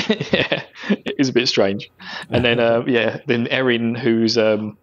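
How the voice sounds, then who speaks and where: A man's voice: medium pitch, slow, highs cut off. A man co-hosting a casual podcast, chatting loosely and laughing often. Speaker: podcast co-host. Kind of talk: casual chat.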